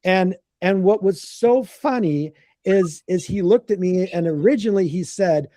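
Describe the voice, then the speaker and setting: A man tells a casual work story with lots of energy, acting out each quote and tripping over his restarts. His voice sits a bit high but sounds mellow and relaxed. The recording is dry and close. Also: moderate pace, dry recording. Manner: animated, acts out quotes, frequent restarts. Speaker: contractor telling a story.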